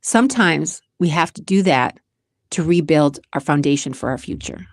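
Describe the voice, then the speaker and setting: A woman's voice: low voice, animated, normal speed, no echo, clean studio sound. A woman hosting her own channel, talking earnestly through a personal motivational monologue, repeating phrases for emphasis. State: close to tears at times. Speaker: channel host.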